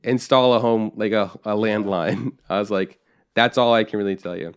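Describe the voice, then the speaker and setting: Co-hosting a podcast, a young man speaks at normal speed in a steady voice on the low side, with clean sound. His story wanders and is full of profanity, and he performs his family members' lines as he goes.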